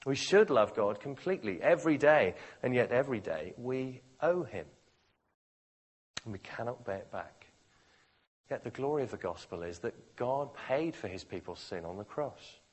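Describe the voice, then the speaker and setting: A man preaching a sermon, dramatically shifting between quiet, slow phrases and loud, forceful ones. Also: mid-range voice, big pitch swings, slightly rough.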